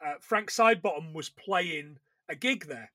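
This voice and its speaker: A man with a high, bright voice tells stories in loose, rambling podcast chat. He often breaks off and restarts his sentences. The sound is dry and close, with no room around it. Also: moderate pace, dry recording. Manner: chatty storyteller, rambling with restarts and laughs. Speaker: podcast co-host. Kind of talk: casual chat about films.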